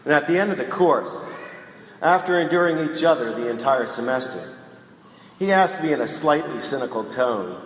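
A man gives a homily in a measured, reflective voice, pausing often. His voice rings through a big church with a long reverb tail. A faint room hum sits underneath. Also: medium pitch. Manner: measured, reflective preaching with pauses. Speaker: priest. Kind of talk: sermon. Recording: roomy echo in a large church.

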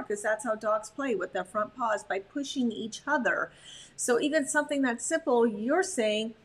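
Chatty, animated woman dog trainer. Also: fairly high pitch. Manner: chatty, animated, frequent "like" fillers. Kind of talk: slide presentation on puppy training.

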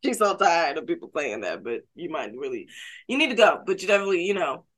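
A woman co-hosting a relaxed podcast chat, her voice bright and tense with a sharp edge. Her pitch swings widely up and down as she talks. She speaks bluntly, swears often and bursts into loud laughs. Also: quick pace. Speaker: podcast co-host.

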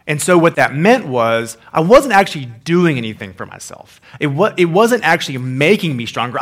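A man delivers a sermon, moving from a quiet prayer into a rambling personal story. He talks in a casual, conversational way, full of fillers and restarts, at an ordinary middle pitch. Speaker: pastor.

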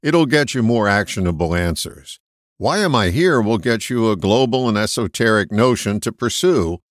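A man reading a short reflective essay in a measured, emphatic way. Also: on the low side, no room sound, clean studio sound. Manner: measured, emphatic, lively intonation. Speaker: host of a short reflective segment. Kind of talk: read personal essay.

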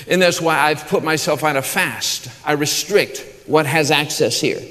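A man preaching a sermon to a church congregation, enthusiastic and fond of restarting his phrases with "uh," and warmly addressing people in the room and those watching online. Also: fairly high pitch. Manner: enthusiastic, repeats words and restarts with frequent uh; warm asides to the congregation and online viewers. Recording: long hall reverb.

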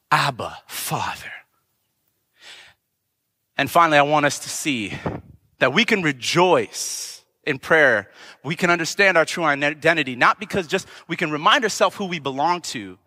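High, bright-voiced male preacher. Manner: impassioned, rising to emphatic shouts. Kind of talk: sermon. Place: church sanctuary. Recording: long church hall reverb.

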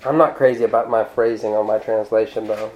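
A male pastor preaching a sermon in a conversational, animated way, breaking off into asides and restarting his sentences. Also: fairly low pitch, fairly quick, dull audio, noisy background. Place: church.

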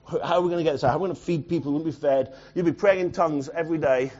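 A man delivers a sermon in a slightly high voice, rising to loud, urgent exhortation and then dropping to quiet asides. The recording is muffled and lo-fi. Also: rapid-fire. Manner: swings from loud urgent preaching to quiet near-mutter. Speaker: pastor.

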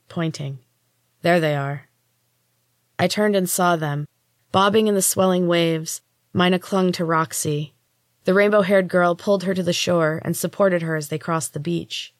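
A woman narrating a story in the first person, in an even, measured reading as a podcast host. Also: deep voice, no echo, clean studio sound.

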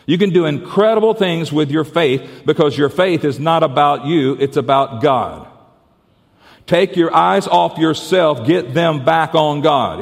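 A man preaching a sermon, earnest and repetitive, dropping to softer tones as he tells a parable. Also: on the high side, vocal fry. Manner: earnest, repeats and restarts, drops to soft tones for the story. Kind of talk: sermon with storytelling. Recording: reverberant church hall.

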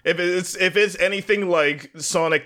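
Give me a man on a podcast panel who chuckles a lot and sounds amused. His voice sits a bit high, and it comes across bright and forceful. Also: normal speed. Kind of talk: casual panel chat.

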